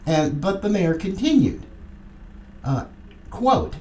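Middle-aged political podcast host; combative and sarcastic with a mellow voice. Recorded in a roomy, echoey space. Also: medium pitch, slow, pauses often, slight background noise. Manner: combative and sarcastic, lively emphasis. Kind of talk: political commentary monologue.

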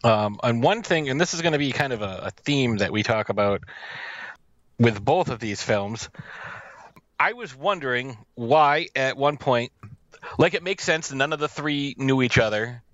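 A man's voice: mid-range voice, lively intonation, a bit bright, no echo, muffled recording. A man co-hosting a film podcast, talking casually and sarcastically with many fillers and restarts. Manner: rambling, sarcastic, lots of fillers and quick put-on voices. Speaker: podcast co-host. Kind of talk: casual chat.

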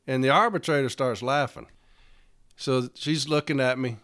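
A man's voice: medium pitch, moderate pace, fairly bright tone. A middle-aged man, a podcast host telling a story and ranting bluntly with lots of laughter and profanity. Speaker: podcast host and letter carriers' union advocate. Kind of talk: storytelling rant.

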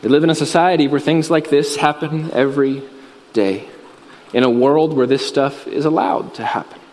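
A man with a high voice preaches in earnest storytelling fashion, letting his voice sink low and quiet at the solemn points. His words ring out with a long reverb, as in a large church hall. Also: fairly even intonation, moderate pace. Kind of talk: sermon.

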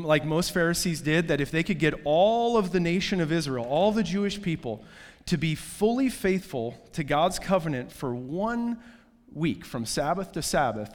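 A man preaching in a relaxed, chatty style, his voice sitting a little higher than most men's. He keeps throwing in asides and fillers. His words ring with a long reverb, as if he is standing in a large hall. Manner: casual, conversational preaching with many fillers and asides. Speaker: pastor. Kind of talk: sermon.

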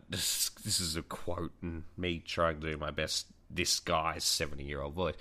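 A man's voice: very deep voice, sing-song, moderate pace, gravelly, hardly any pauses, bright, forceful tone. A young man co-hosting a casual podcast, rambling through a crude anecdote with plenty of swearing. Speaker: podcast co-host.

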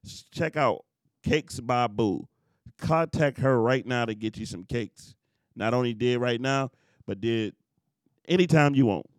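A man's voice: medium pitch, measured pace, no echo, clean studio sound. A man hosting a podcast, talking in a laid-back, slangy way as he reads out plugs. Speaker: podcast host. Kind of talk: casual chat.

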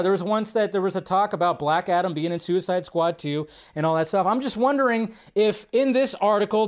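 A man with a fairly high voice hosts a casual live commentary stream about films. He rambles from point to point and keeps his delivery animated, his voice leaping up whenever he stresses something. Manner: animated, rambling, jumps up in pitch for emphasis.

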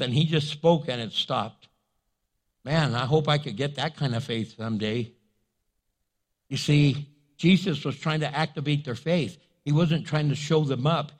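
A man pastor preaching a sermon in an animated, jokey way. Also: on the high side, normal speed.

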